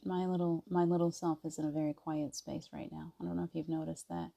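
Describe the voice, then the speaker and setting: Woman, live stream host, casual chat, greets viewers by name, gravelly, mellow. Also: lowish voice, level tone, fast, few pauses, lo-fi sound. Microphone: device mic on a video stream.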